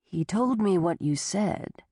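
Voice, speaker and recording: A calm, clinical male doctor, as a woman narrator puts him on, lower and softer, gently patronizing. His slow, measured delivery sounds close and dry. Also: slightly rough, no room sound, heavily acted.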